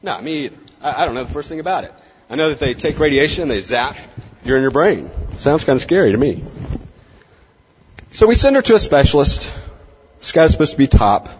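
A middle-aged man giving a lively lecture to veterinary students, swinging his tone and pace for drama. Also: on the high side, fairly quick, long pauses, a little hiss or hum. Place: large lecture hall. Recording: dull, echoey lecture hall recording.

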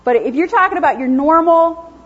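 A woman lecturing a class on dog training, lively and chatty, acting out what dogs think. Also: very high-pitched, fairly quick. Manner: lively, chatty, acts out dogs' thoughts in silly voices. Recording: dull, lo-fi classroom recording.

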